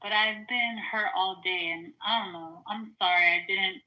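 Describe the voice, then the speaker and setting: A woman's voice: mid-range voice, normal speed, pushed and bright, low-quality recording. A woman in a casual voice chat, earnest and emotional, repeating herself as she apologizes. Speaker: participant in an online voice chat.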